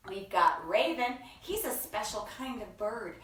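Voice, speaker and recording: A woman hosting a children's story time, reading slowly in a playful sing-song and stretching out her words. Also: on the high side, expressive, a bit bright, distant mic, slight background noise. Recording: echoey room, voice from off-mic.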